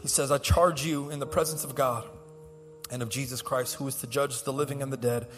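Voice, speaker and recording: A man preaching a sermon as pastor to his church, impassioned, swinging between soft and loud and repeating words. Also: medium pitch, fairly even intonation, fairly quick, big-room sound, music in the background. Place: church sanctuary.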